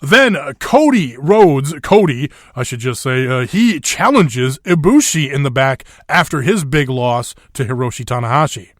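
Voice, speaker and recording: A man's voice: mid-range voice, expressive, normal speed, hardly any pauses, no room sound, studio quality. A man hosting a wrestling podcast, chatting casually with fillers and swearing freely. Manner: laid-back, swears freely, frequent fillers and laughs. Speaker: podcast host.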